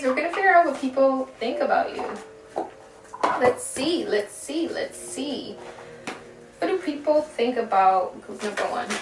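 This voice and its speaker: Chatty young woman reading tarot. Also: sits high. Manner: chatty, giggly, swearing casually, drawn-out emphasis. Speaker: tarot reader. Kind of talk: casual pick-a-card tarot reading. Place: room at home. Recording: echoey room, voice a bit far from mic, faint music.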